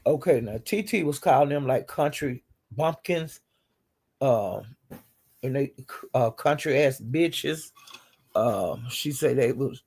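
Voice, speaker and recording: A man's voice: medium pitch, expressive, measured pace, darkish tone, slightly rough. A man hosting a casual chat, bluntly retelling online drama in a chatty, gossiping way. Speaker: host recapping livestream drama.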